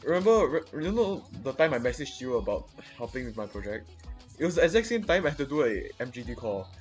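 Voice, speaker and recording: A young man rants in casual chat, swearing constantly and tripping over his own restarts. His voice sits at an ordinary mid pitch. Soft music plays faintly behind him. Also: sing-song, fast talker. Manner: profane, rambling venting with many restarts.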